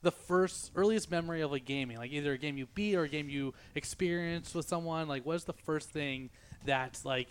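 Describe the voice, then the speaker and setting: Male podcast host, high-pitched, upbeat and teasing, casual delivery. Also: a little fast, a little hiss or hum. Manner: upbeat, teasing, loose phrasing.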